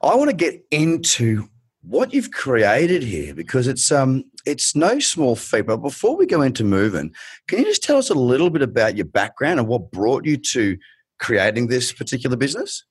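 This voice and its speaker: A man's voice: mid-range voice, huge pitch swings, moderate pace, breathy edge, no echo. An Australian man hosting a podcast, chatty and talking straight to his audience. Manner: chatty, addresses the audience directly. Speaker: podcast host. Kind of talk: podcast interview.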